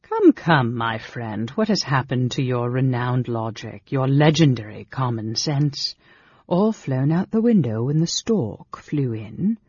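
An audiobook narrator, a man, voicing a calm, mocking male dark elf sorcerer who speaks in a dry, condescending way. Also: mid-range voice, measured pace, breathy edge, dry recording. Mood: cool. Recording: dull lo-fi audiobook recording.

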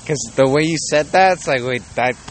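A man's voice: a little high, brisk, slight background noise. A young man hosting a podcast, chatting casually and joking, swearing freely. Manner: laid-back, joking, swears a lot. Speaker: podcast host. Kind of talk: casual chat. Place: outdoors on a city street.

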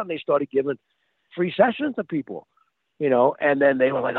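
A man telling stories as a guest over the phone. He talks in a lively, casual way, repeats words and acts out quotes. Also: a little high, a little fast, husky, no echo. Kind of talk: casual storytelling. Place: outdoors by a street. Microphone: phone call. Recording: tinny phone line, dry.

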